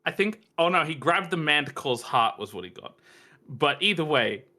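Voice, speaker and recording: A man playing a tabletop game, chatting casually in an excitable way. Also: on the high side, normal speed. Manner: excitable, laughing often. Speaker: player.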